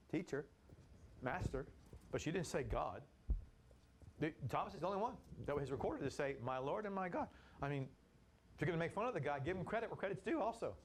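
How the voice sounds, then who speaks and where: A man leads a Bible study in a casual, animated way and acts out the figures he talks about. His voice sits a touch high and swings widely in pitch. A faint hiss of noise sits behind him. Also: brisk, long pauses.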